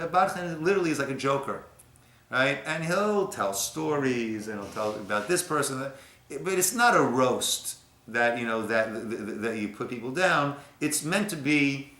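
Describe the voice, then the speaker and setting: A man's voice: medium pitch, lively intonation, moderate pace. Man teaching in an echoey room. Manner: storytelling, swings from soft to emphatic. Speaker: rabbi. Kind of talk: Torah class discussion. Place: synagogue room.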